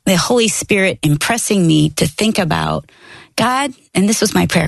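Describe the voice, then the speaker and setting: A woman's voice: medium pitch, animated, moderate pace, gravelly, breathy edge, dry recording. A middle-aged woman telling earnest personal stories in a faith conversation. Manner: earnest storytelling.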